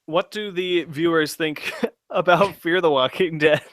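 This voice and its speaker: A young man co-hosting a casual live podcast, playful and quick to echo names and jokes back. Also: a little high, fairly bright tone, clean studio sound. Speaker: podcast co-host.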